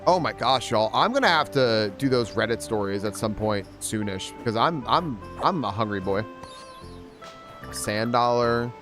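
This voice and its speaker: A man's voice: mid-range voice, expressive, measured pace, over music. A man streaming a game, telling stories casually, swearing a lot and full of filler words. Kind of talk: casual gaming stream storytelling.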